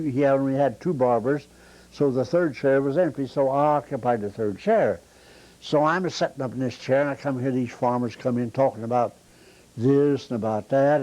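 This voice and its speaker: In a mellow, medium-pitched voice, an elderly former circus bandleader spins rambling, plain-spoken stories for an interviewer. His manner is folksy, and he performs the characters' voices as he goes. The audio is poor.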